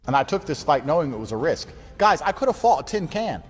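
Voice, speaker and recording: A man's voice: a little high, lively intonation, normal speed, pauses often, husky, big-room sound. A man in his thirties speaking in a blunt, defiant and profane monologue about losing a fight. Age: 30s. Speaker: fighter reflecting on a loss. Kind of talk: candid monologue.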